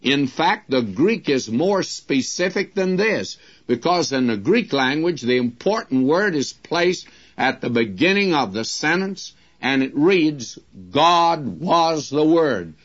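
Slow emphatic male Bible teacher. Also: on the high side, lively intonation, lo-fi sound. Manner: slow, emphatic, addresses listeners as friends.

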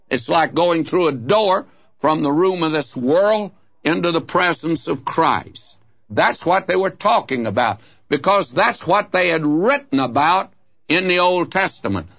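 A man's voice: a little high, pushed and bright, no echo. A man teaching the Bible in a folksy, earnest preaching manner, speaking to his listeners as "my friend". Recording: dull, lo-fi dry radio recording.

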